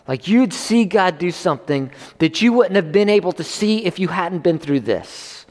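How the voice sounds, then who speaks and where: A man preaching in a relaxed, conversational style, often restarting his sentences and building up to emphatic peaks. His voice sits on the higher side for a man. It carries a long reverb from a large hall. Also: normal speed. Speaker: pastor. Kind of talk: sermon. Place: church service.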